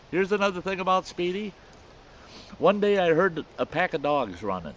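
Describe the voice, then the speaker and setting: A man telling a rambling, folksy story about an old friend in a casual spoken style. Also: mid-range voice. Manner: folksy, rambling, with restarts and chuckles. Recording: slightly muffled recording with faint hiss.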